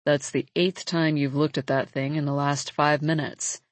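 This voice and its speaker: A woman puts on a frail, dying father for this audiobook, his voice croaky and tired. She drops her voice well below her usual reading tone. The sound is dry and close. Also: sits low, little pitch movement, moderate pace, no echo, voice pushed down, close to an everyday voice. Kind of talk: audiobook character voice.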